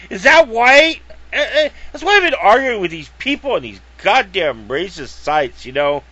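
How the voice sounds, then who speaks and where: Man, high voice, slow unhurried delivery, rambling profane vlog rant, dull lo-fi sound. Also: big pitch swings, bright, forceful tone. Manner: rambling, profane, many fillers, acts out quotes. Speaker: video blogger. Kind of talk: casual rambling rant to camera.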